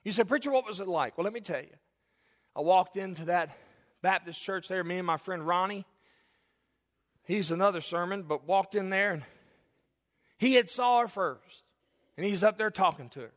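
A man in his forties, a pastor preaching a sermon in a church, animated and jokey, telling stories and acting out the people in them. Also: sits high, normal speed, long pauses. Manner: animated, jokey, acts out characters in anecdotes. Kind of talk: sermon with storytelling. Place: church sanctuary. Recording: long hall reverb.

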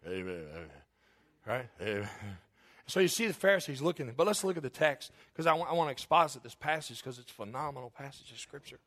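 A man from Kentucky, preaching an impassioned sermon. He builds to shouted emphasis and calls out for amens. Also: mid-range voice, expressive, fast. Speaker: pastor.

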